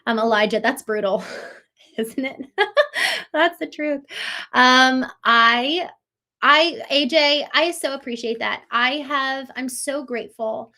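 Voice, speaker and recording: Hosting a live show, a woman from Maryland reads through chat comments and responds in an effusive, reflective manner, full of fillers and restarts. Her voice is high-pitched, pushed and bright, and she speaks slowly.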